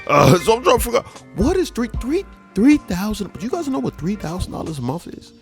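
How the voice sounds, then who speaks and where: A male host giving slangy, animated reaction commentary, with frequent laughing asides. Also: high voice, a little fast, creaky, hardly any pauses, faint music behind.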